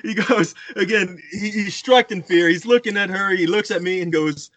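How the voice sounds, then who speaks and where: Male storyteller, animated, close dry sound, acts out quotes. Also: a little high, moderate pace, no echo. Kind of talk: casual anecdote telling.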